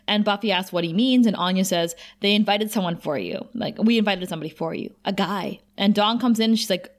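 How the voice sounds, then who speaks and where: A woman with a middle-pitched voice recaps a TV episode in easy, animated podcast chat. She narrates what happens and quotes the characters along the way. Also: brisk, hardly any pauses. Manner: animated, retells scenes quoting characters. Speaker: podcast co-host.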